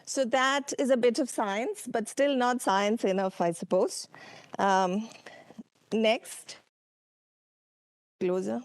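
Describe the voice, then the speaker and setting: A woman with an Indian English accent presenting a lecture with slides, unhurried, with many ums and uhs and questions to the audience. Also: a little high, fairly even intonation, no echo. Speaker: workshop speaker. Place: conference hall.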